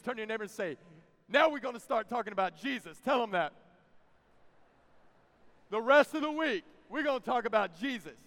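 Gravelly high-voiced male preacher, big hall. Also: lively intonation, moderate pace, long pauses. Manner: builds from quiet teaching to loud emphatic preaching; folksy, joking asides to the crowd. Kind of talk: evangelistic sermon to a youth camp crowd. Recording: long reverb of a large hall.

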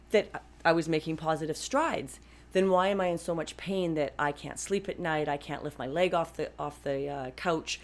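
A woman in her fifties talking casually and emphatically to her viewers about advocating for yourself, often restarting her sentences. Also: deep voice. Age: 50s. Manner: chatty and emphatic, with frequent restarts. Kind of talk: casual personal talk to viewers.

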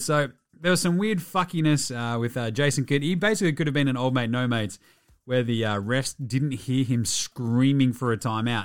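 A man's voice: on the high side, a bit bright. A man hosting a casual sports podcast, joking and swearing as he recaps games. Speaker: podcast host.

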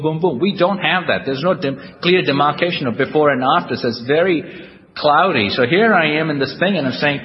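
A man's voice: on the high side, a little hiss or hum. A man giving a humorous, self-deprecating personal recovery talk to a live audience at a convention, telling his story with wry storytelling. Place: large hall with a live audience. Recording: echoey hall, dull lo-fi tape.

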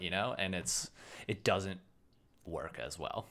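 Chatty man with a lowish voice. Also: takes it slowly, pushed and bright. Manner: enthusiastic, chatty, laughs easily. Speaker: podcast co-host. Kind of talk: casual chat.

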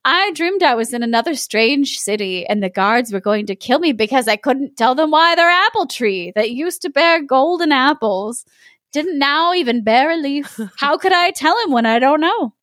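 A woman voicing the sharp-tongued old grandmother of a giant, pert and quick-witted. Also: sits high, expressive, no room sound, studio quality, voice pushed up. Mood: sassy.

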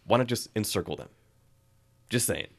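Man, podcast co-host, sarcastic film talk, lively up-and-down voice. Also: on the low side, moderate pace, vocal fry. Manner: animated, sarcastic, laughs often. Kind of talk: casual chat.

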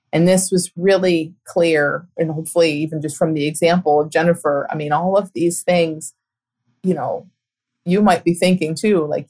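A middle-aged woman hosting a talk show and coaching, speaking in an earnest, reflective way with soft laughs. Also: lowish voice. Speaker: podcast host and coach. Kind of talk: conversational monologue.

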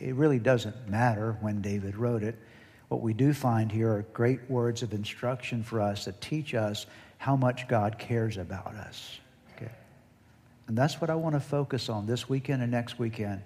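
A man's voice: lowish voice, a little mellow. Man preaching in a reverberant hall. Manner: preaching with rising intensity, leads congregation call-and-response. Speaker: pastor. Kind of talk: sermon.

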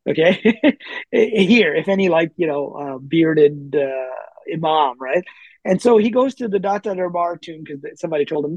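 A man being interviewed, telling stories in a chatty, animated way with lots of fillers and restarts and the odd chuckle. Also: high-pitched, normal speed, breathy edge, no echo, rough recording. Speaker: interview guest. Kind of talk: casual storytelling in conversation.

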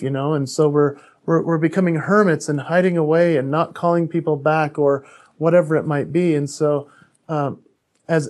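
Earnest man with a higher voice. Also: darkish tone. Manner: earnest and candid, with frequent restarts. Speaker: podcast guest, author and speaker. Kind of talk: personal storytelling in a podcast interview.

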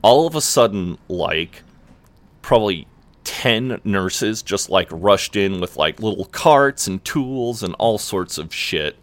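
A young man telling a personal story in casual chat, relaxed and full of fillers and swearing. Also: lowish voice, slow pace, dry recording. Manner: laid-back, swears often, lots of "like" fillers. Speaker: podcast co-host.

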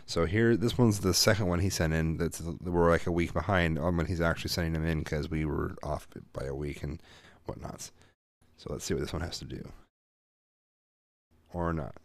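A man with a very low voice hosts a casual podcast chat, laid-back and teasing, often chuckling. The sound is close and dry. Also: fairly even intonation, normal speed, no echo. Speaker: podcast host.

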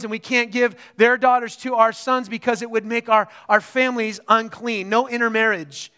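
A man preaching a sermon in a conversational, animated way, often checking in with the listeners. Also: very high-pitched, smooth. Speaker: pastor.

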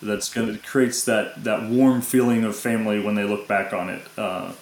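A man guest speaking casually and haltingly, with many pauses and restarts. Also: fairly low pitch, little pitch movement, vocal fry, a little hiss or hum. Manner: halting, lots of fillers and restarts. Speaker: guest parent. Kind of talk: casual conversation. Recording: echoey room.

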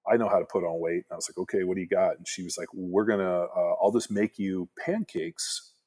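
Deep husky guy in his 40s, rambling laid-back stories, lots of "like". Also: a little fast, a little mellow. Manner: laid-back, rambling with many "like" fillers, acts out quoted voices. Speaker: podcast guest, former pro football player. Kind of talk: casual storytelling chat.

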